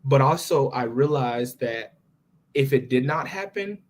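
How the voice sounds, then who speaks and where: A young adult man, a recent college graduate, talking as a guest in a casual conversation and telling his story with animated frustration. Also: medium pitch, measured pace.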